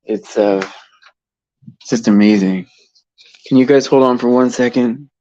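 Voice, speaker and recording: A man hosting a casual Christian livestream, talking haltingly with many fillers and repeated words, and leading a prayer. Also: medium pitch, dark tone. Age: adult father of a son over eight. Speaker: livestream host. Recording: dull lo-fi stream mic.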